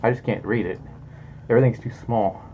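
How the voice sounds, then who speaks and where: A man's voice: on the low side, fairly even intonation, brisk, slight background noise. A man hosting a casual livestream, chatty and giggly, reading out donations through a muffled mic. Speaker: livestream host. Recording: muffled lo-fi audio.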